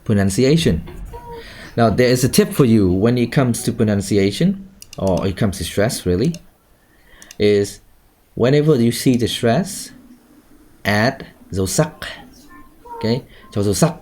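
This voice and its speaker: A man's voice: medium pitch, expressive, normal speed, long pauses, mellow. A male English teacher, teaching an online class over a video call and checking in with "okay?" and "right?" all the time. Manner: questioning, repeats "okay?" and "right?".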